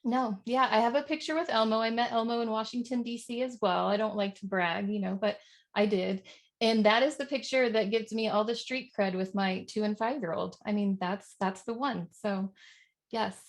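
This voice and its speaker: A woman's voice: on the high side, normal speed. A woman hosting a casual interview, asking friendly, chatty questions. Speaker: interview host.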